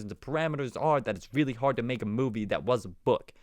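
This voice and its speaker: A man hosting a casual solo podcast, rambling along and breaking into sudden loud, emphatic bursts. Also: medium pitch, fast, hardly any pauses, dry recording, studio quality. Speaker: podcast host.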